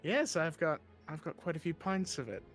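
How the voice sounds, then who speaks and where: A man's voice: on the high side, lively intonation, moderate pace, music in the background, close to an everyday voice. A man playing a pushy traveler who is trying to talk his way into a trade to find his friend. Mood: persuasive. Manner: smooth-talking, wheedling trader.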